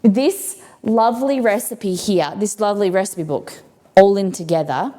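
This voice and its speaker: A woman's voice: medium pitch, unhurried, mellow, a little hiss or hum. A woman with an Australian accent hosting a casual cooking livestream from her home kitchen, chatting in a rambling way and answering viewer comments. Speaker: cooking stream host.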